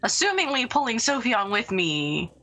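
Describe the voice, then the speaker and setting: Bright-voiced woman playing a tabletop game. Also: on the high side, sing-song, normal speed, faint music behind. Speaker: player. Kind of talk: casual tabletop game play.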